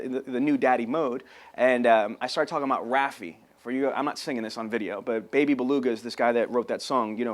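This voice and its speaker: A man giving an energetic sales training talk on camera, telling stories and acting out phone calls. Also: medium pitch. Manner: animated storyteller, acts out phone calls.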